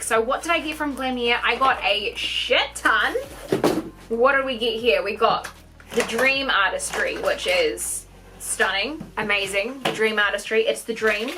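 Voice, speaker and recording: A young woman vlogging a makeup unboxing, gushing and gasping with endless excitement. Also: on the high side, background noise. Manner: gushing, gasping, lots of "oh my god" and "honey". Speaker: beauty vlogger.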